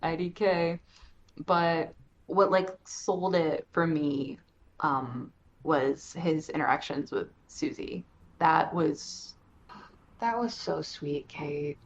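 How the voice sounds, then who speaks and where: Rambling excitable woman on a lo-fi mic. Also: sits low, takes it slowly, slight background noise. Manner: rambling, excitable, swears freely. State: tired. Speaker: podcast guest. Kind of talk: casual chat. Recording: dull lo-fi mic.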